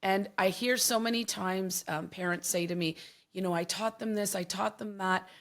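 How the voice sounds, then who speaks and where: A woman's voice: mid-range voice, fairly even intonation, normal speed. A woman hosting a podcast interview, effusive and emotionally responsive in conversation. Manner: warm, effusive, emotional reactions. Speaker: podcast host.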